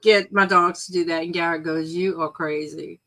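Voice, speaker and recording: Woman co-host, relaxed and chatty, crisp bright tone, casual show talk. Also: lowish voice, moderate pace. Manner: easygoing, chatty storytelling with soft laughs. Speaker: co-host of a live chat show. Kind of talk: casual chat.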